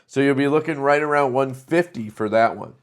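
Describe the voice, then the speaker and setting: Dude hyping knives on his channel, loose and chatty, lots of ums, average pitch. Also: brisk, clean tone. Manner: enthusiastic, loose and chatty with fillers. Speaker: knife channel host. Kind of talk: casual product showcase.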